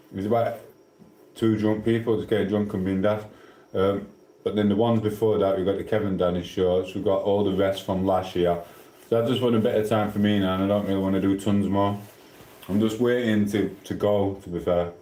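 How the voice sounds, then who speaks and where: Sheffield bloke, middle-aged, low voice, rambling cheeky live chat, echoey room. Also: male voice, dark tone. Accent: Sheffield English. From England. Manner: chatty, cheeky, swears casually. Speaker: livestreamer answering chat.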